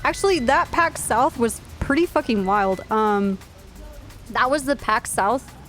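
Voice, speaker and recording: A woman's voice: fairly high pitch, a little slow, fairly bright tone, soft background music. Woman telling a blunt, rambling story. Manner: blunt and profane, rambling with many fillers. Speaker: streamer. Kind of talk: casual storytelling while live streaming a game.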